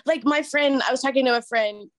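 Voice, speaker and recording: A woman's voice: high voice, brisk, no room sound. A woman in casual chat, telling a personal story in a rambling, emotional way with many restarts. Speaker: guest sharing a story.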